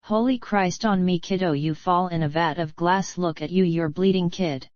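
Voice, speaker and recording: A woman voicing a gruff, grumpy old man survivor who talks bluntly and swears. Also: on the low side, normal speed, a little mellow, no room sound, highs cut off, close to an everyday voice. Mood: exasperated.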